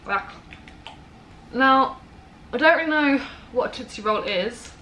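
A young English woman, chatty and quick to laugh, taste-testing sweets and giving scores. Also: high-pitched, animated, bright, forceful tone. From England. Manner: chatty, laughs easily, teasing. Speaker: vlogger. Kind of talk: casual taste-test chat. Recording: noisy home recording.

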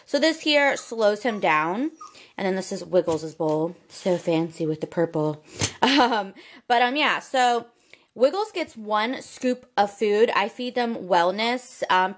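A young woman with a drawl chats casually through a home vlog. She rambles with lots of fillers and switches to a high, cooing voice when talking to her pets.

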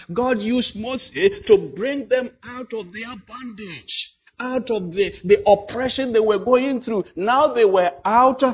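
Male pastor, unhurried sermon delivery, emphatic swells, rhetorical questions. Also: a little high, slightly rough, low-quality recording.

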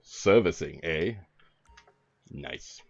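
Man, low voice, rambling profane let's-play chatter, muffled lo-fi audio. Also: expressive, very slow, creaky. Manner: rambling, joking, swears freely. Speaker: gaming YouTuber. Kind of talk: casual let's-play commentary. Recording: dull lo-fi with faint hiss.

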